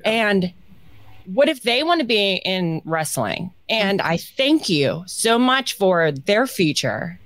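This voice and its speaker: A woman's voice: mid-range voice, big pitch swings, slow, a bit bright, no room sound. Earnest woman co-host, dry close sound. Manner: earnest, heartfelt, near tears. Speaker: podcast co-host. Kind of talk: casual chat.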